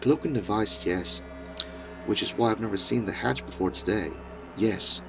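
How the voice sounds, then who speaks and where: A fidgety old scientist with a thick Scottish accent, rattling off explanations in a brisk, matter-of-fact way, as a male narrator puts him on. His voice sits low and gravelly. Faint music plays behind him. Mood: distracted.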